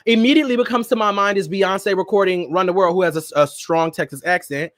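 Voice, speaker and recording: A man's voice: sits high, fast, fairly bright tone, dry recording, clean studio sound. A young man hosting a casual pop-culture commentary show, talking dramatically and laughing often. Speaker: podcast host.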